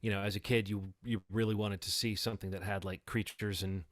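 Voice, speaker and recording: A man's voice: on the low side, little pitch movement, a little fast, no echo. Man, 40s, podcast co-host, thoughtful and musing, film review chat, dry close sound. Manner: thoughtful, reflective, many restarts.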